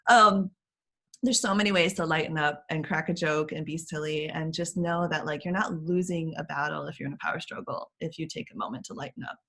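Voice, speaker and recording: A woman's voice: sits low, fairly even intonation, fairly quick, bright, forceful tone. A woman parenting coach talking casually on a video call, with frequent fillers and light laughs. She acts out children's voices in a sing-song way. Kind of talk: casual explanatory talk as interview guest.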